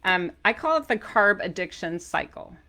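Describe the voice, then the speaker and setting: A middle-aged woman, an author talking animatedly to camera about her diet, playful and given to loud emphatic bursts. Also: medium pitch, big pitch swings, normal speed. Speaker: author and keto diet coach. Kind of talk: energetic talk to camera.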